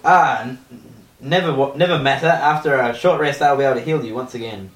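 A man's voice: medium pitch, brisk, far from the mic. A man playing a cleric at a tabletop game, talking casually and playfully and laughing often. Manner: laughing, playful, joking in and out of character. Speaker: player, cleric. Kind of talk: casual tabletop role-play. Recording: echoey room.

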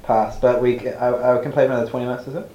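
A man's voice: mid-range voice, little pitch movement, very fast, mellow, lo-fi sound. A man playing a tabletop game, chatting in a polite, dry way. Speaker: player. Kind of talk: casual chat. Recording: echoey room with clear noise.

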